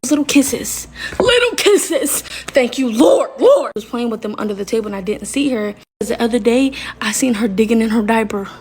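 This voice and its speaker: A young adult woman telling a funny family story in a casual storytime vlog, animated and dramatic, talking straight to her viewers. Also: on the high side, fast talker, hardly any pauses, husky. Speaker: storyteller vlogger.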